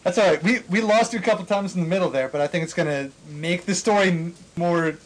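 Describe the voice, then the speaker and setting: A man with a slightly raised voice banters on a podcast. He delivers dry, joking asides in a relaxed, casual way. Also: high-pitched, fast, low-quality recording.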